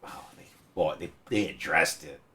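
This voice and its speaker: A man's voice: extremely low pitch, normal speed, bright, forceful tone. An American man talking bluntly and crudely as a guest on a casual podcast chat. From United States.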